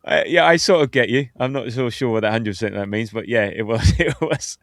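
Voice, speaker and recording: A man, hosting a casual football podcast, chatty and quick to laugh as he reads out listener comments. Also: mid-range voice, dry recording. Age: 50s. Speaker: podcast host.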